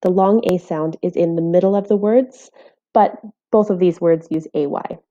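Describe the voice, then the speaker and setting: A woman teaching phonics in a scripted voice-over, speaking clearly and carefully while sounding out letters. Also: on the low side, normal speed, warm tone, lo-fi sound. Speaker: literacy teacher.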